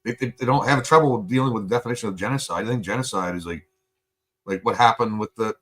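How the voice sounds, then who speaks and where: A man's voice: fairly low pitch, fast talker, fairly bright tone. A Canadian man hosting a casual podcast chat, ranting heatedly and swearing a lot into a studio mic. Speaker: podcast host.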